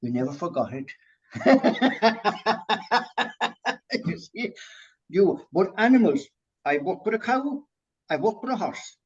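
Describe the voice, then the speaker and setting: A man from Ireland, a medium, telling an anecdote in a chatty, lively way and laughing often. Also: sits high, takes it slowly, long pauses, highs cut off. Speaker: medium sharing a story.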